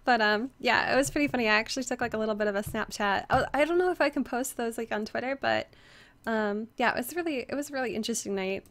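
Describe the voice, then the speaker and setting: A woman's voice: a little high, fast talker, a bit bright. A young woman streaming a game, chatting casually with viewers, greeting them by name and reading their chat aloud, her voice a little strained. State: slightly strained voice, resting it. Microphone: headset.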